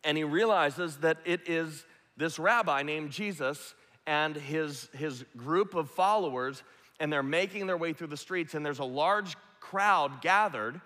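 Guy preaching, bright voice, tells the story earnest and vivid, big echoey hall. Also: fairly high pitch, unhurried. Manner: earnest, vivid retelling with acted quotes. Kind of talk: sermon storytelling. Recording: long hall reverb.

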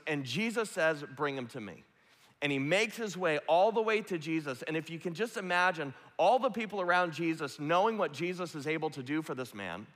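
A man's voice: fairly high pitch, fairly bright tone. A man preaching a sermon, retelling a story earnestly and vividly. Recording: long hall reverb.

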